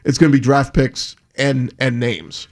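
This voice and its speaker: A sports talk radio co-host with a medium-pitched voice speaks at a measured pace with fairly even intonation. In a conversational manner, he reads a report and then lists and talks through player options.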